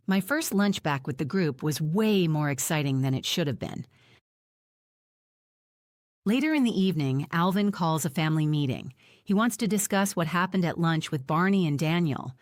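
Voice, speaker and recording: Woman narrating an audiobook, lower voice. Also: lively intonation, moderate pace, no room sound, studio quality. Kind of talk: first-person audiobook narration.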